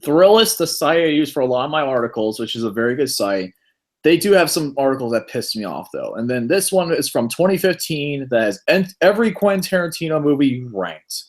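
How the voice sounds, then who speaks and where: A man's voice: mid-range voice, big pitch swings, a little fast. A man hosting a casual podcast, reading articles aloud and swearing bluntly at what they say. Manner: blunt, swears freely, annoyed at the lists he reads. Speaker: podcast host.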